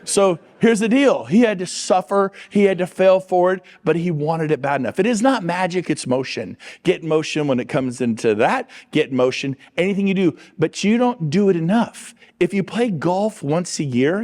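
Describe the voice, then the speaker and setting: A middle-aged man giving an energetic motivational talk on stage, quizzing and teasing his audience. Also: a little high. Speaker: real estate coach on stage.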